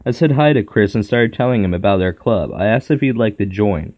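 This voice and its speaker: A man reading a children's horror book aloud in a steady first-person storytelling manner. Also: on the low side, fairly quick. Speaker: narrator.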